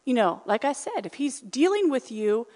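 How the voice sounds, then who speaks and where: A woman preaching a sermon in a conversational, animated way, acting out the voices she quotes. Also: a little high, moderate pace. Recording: reverberant hall.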